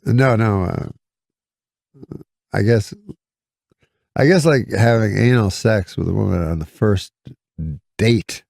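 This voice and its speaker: A middle-aged man telling a rambling deadpan anecdote with halting restarts as a comedian guest. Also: on the low side, gravelly, dry recording, studio quality. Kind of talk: casual anecdote on a podcast.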